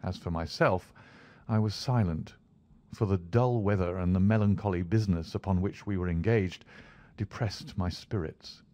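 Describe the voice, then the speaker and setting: A man reading a classic novel aloud in steady, plain narration on a close mic. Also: sits low, moderate pace, no echo. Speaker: audiobook reader.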